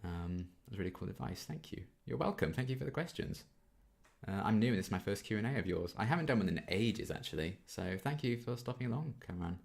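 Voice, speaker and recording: Low-voiced young man answering viewer questions. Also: animated, quick pace, vocal fry. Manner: chatty and easygoing, frequent ums. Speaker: YouTube reaction channel host. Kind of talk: casual Q&A reading out viewer questions.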